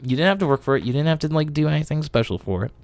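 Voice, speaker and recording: Dude doing a chill buddy God, patient, kinda scolding, lively ups and downs. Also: male voice, fairly high pitch, racing, no echo. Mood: gently chiding. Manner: casual, reasoning, gently chiding.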